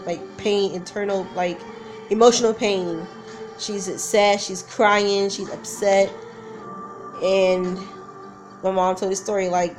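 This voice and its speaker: A woman's voice: mid-range voice, darkish tone. Rambling young woman telling a story. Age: 20s. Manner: rambling, emotional, many fillers and restarts. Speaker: vlogger. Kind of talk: casual storytelling.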